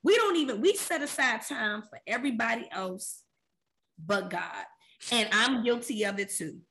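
A woman's voice: a little high, expressive, moderate pace, vocal fry, fairly bright tone. Earnest woman podcast host on prayer. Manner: earnest, conversational, emphatic. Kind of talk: faith talk podcast.

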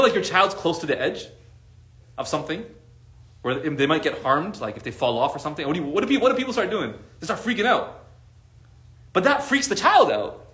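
A man's voice: fairly high pitch, fairly bright tone. A man teaching a casual study class, talking conversationally and often checking in with his listeners with rhetorical questions, dropping in Arabic religious expressions. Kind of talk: casual lesson to a group. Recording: echoey room.

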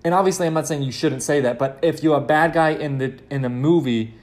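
A man's voice: fairly high pitch, brisk, a little mellow. A young man hosting a solo podcast, rambling and correcting himself, and getting worked up as he talks. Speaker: podcast host.

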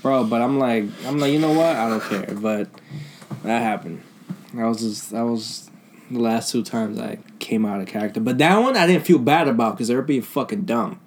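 A man's voice: medium pitch, normal speed, a little hiss or hum. Laid-back young man, cursing casually. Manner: laid-back, profane, laughs along. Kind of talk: casual storytelling chat.

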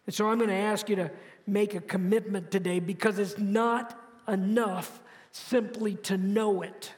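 A man preaching a sermon as pastor, building to emphatic, louder phrases and then dropping soft and low to close each point. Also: steady tone, measured pace. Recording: long hall reverb.

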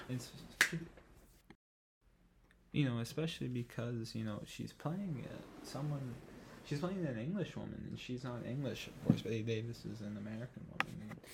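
Podcast host, male, mellow gravelly voice, eager and meandering, casual review delivery. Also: medium pitch, slight background noise. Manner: enthusiastic, rambling, self-correcting. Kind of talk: casual film review chat.

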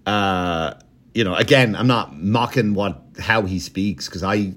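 A man with a fairly low voice talks on his podcast in loose, casual comedic commentary. He rambles, swears freely and drops into mocking impressions of the people in his story. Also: measured pace, a bit bright. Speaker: podcast host.

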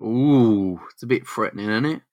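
A man's voice: lowish voice, darkish tone, no echo. A man co-hosting a podcast, chiming in with jokey casual banter. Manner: jokey, quick banter, says mate. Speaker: podcast co-host. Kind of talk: casual chat.

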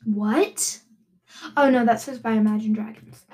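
A woman's voice: fairly high pitch, steady tone, unhurried, darkish tone, poor audio. A young woman hosting a casual solo podcast, bubbly and giggly, full of rambling asides. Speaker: podcast host.

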